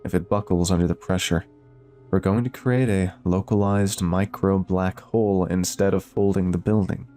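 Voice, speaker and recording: Calm, precise woman scientist, voiced by a male narrator, mellow and level. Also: low voice, moderate pace, soft background music, natural voice. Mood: focused.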